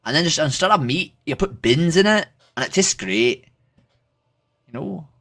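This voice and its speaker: Lively Irish male streamer, rambling. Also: a little high, normal speed. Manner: rambling, heavy use of "like", casual swearing. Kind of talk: casual livestream chat with strangers.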